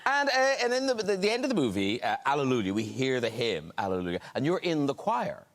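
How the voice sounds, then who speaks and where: Irish male talk host, lively swooping pitch, playful and quick to laugh. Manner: lively, teasing, laughs often. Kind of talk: casual chat.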